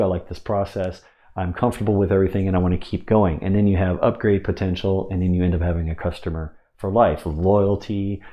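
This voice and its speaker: A man with a low voice, recorded in dull audio, coaches on sales technique in a casual teaching monologue. He talks conversationally, restarting often and tossing in asides of "right?"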